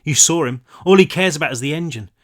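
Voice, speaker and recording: Guy reading as a fierce angry teen girl, snappy and bitter, higher voice. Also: quick pace, a bit bright, natural voice. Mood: grim. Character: fierce furious teenage girl leader.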